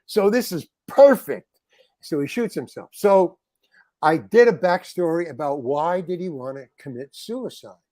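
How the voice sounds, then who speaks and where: A man, a guest actor, telling a long anecdote in a casual interview, animated and saying "man" often. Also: a little high, a little slow, no echo. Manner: animated anecdote teller, peppers talk with "man".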